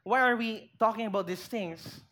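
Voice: medium pitch, moderate pace, a bit bright. A pastor preaching a sermon in church, making emphatic points and putting rhetorical questions to the congregation.

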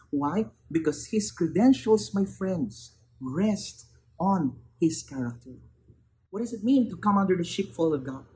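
A man's voice: darkish tone, low-quality recording. Man, preaching, emphatic swells, faint background noise. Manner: emphatic, builds to raised peaks then drops low. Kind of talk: sermon.

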